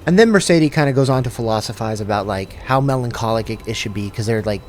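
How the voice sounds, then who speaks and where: This young man's voice sits on the low side and moves fast, with a little hiss or hum in the background. As a lore recap host, he rambles through a casual, comedic recap of a sci-fi novel, slangy and profane, mixing in passages he reads aloud.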